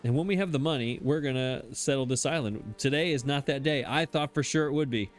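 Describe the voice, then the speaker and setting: Over soft background music, a man gives self-mocking, casual commentary on a game he's playing, chatting and laughing at himself. The let's play host has a mid-range voice and speaks fairly quickly.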